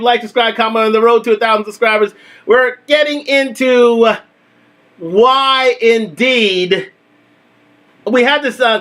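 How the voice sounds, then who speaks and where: A man hosting a casual live talk stream, animated and repetitive, laughing often. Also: very high voice.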